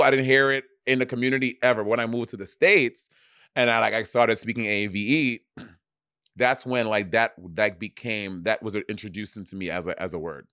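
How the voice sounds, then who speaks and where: A man's voice: medium pitch, a bit bright, dry recording, clean studio sound. A man from Saint Lucia co-hosting a podcast, chatty and profane, with lots of filler words. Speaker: podcast co-host. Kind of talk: casual chat.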